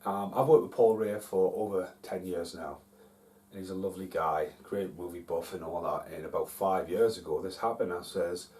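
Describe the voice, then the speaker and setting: A man's voice: sits low, moderate pace, a little mellow. A man hosting a casual film review vlog at home, rambling and swearing freely. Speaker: host. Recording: roomy, distant from mic.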